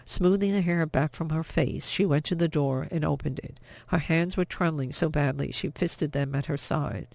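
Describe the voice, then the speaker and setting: A man narrates a novel in a steady, measured audiobook read. His voice is slightly high with a gravelly texture. The recording is close and dry. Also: no echo.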